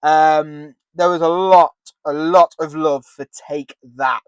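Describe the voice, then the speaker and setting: High-voiced man joking on a podcast. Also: fairly even intonation, slow, clear, resonant tone, no echo. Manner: jokey, laughs often, sings snatches of songs. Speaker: podcast co-host. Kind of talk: casual chat. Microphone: headset with earpiece.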